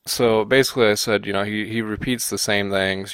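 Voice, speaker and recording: A man giving combative Bible commentary, often pausing on "okay" and "you know" to press his point. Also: lowish voice, steady tone, a bit bright, clear, resonant tone, no room sound. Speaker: religious video commentator.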